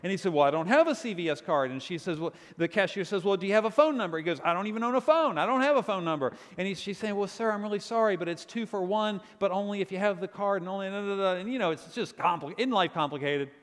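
A man from Virginia, a pastor preaching a sermon and telling stories with lively quoted voices. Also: high-pitched, fast talker, few pauses, big-room sound.

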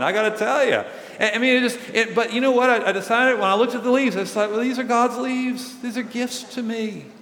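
A man's voice: high-pitched, fairly bright tone, slight background noise. A male pastor preaching a sermon in a conversational, earnest way, asking his congregation questions. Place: large church hall. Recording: echoey hall with long reverb.

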